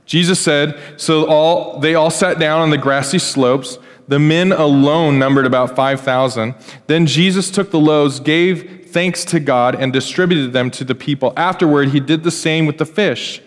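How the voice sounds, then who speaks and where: A man preaching a sermon in a church, telling the story in a conversational, animated way and acting out the quotes. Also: on the high side, measured pace. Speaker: pastor. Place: church hall. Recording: echoey church hall.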